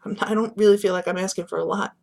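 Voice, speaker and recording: A young sports vlogger reacts to the games in a casual monologue, rambling in a subdued, disappointed way full of fillers and restarts. His high, slightly mellow voice has vocal fry, fairly even intonation and a rapid-fire pace.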